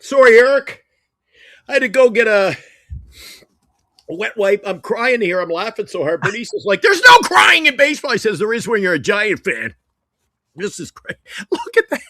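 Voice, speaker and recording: Excitable ranting sports talk host. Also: medium pitch, normal speed, long pauses, dry recording, clean studio sound. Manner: excitable, ranting, often laughing. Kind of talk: live sports talk stream.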